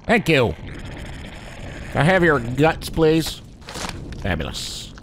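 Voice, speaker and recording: A man's voice: fairly high pitch, sing-song, slow, a bit bright, a little hiss or hum. A man hosting a gaming channel, chatting casually through his gameplay and politely addressing the enemies he fights.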